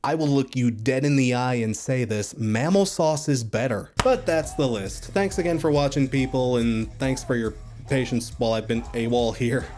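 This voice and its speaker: A man's voice: mid-range voice, normal speed, music in the background. A man reviewing albums in a casual, blunt and profane monologue, rambling and joking. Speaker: music critic.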